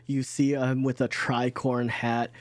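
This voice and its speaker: A man running a tabletop game as dungeon master, describing scenes with many pauses and fillers. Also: medium pitch, flat delivery, no room sound. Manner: unhurried, halting, full of fillers.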